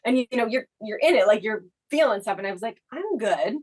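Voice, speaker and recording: A woman's voice: fairly high pitch, quick pace, rough recording. Woman co-host telling a personal story. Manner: reflective, leans heavily on the filler "like". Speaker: podcast co-host. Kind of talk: personal storytelling in casual chat.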